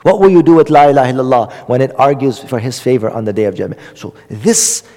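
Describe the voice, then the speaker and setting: A man's voice: mid-range voice, fast, dark tone, in a large hall. A man giving an Islamic religious lesson in a conversational way, with many fillers and repetition for emphasis. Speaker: religious lecturer.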